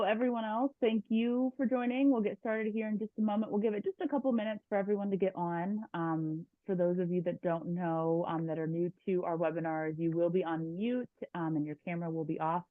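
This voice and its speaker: A woman's voice: fairly low pitch, no room sound. A woman moderating an online webinar over a video call, polite and welcoming. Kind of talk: friendly moderating. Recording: dry, phone-like video call audio.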